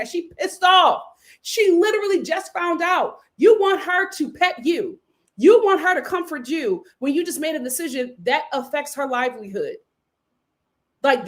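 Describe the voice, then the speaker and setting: Sassy high-voiced woman recapping reality TV. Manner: sassy, emphatic, quotes cast members in voices. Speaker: reality show reviewer. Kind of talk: live recap commentary.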